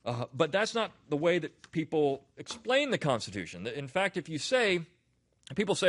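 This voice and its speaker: A man's voice: a little high, big pitch swings, normal speed, fairly bright tone. A man from Delaware hosting a podcast, giving casual, explanatory commentary on essays and telling stories along the way. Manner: conversational, explanatory, storytelling. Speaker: podcast host.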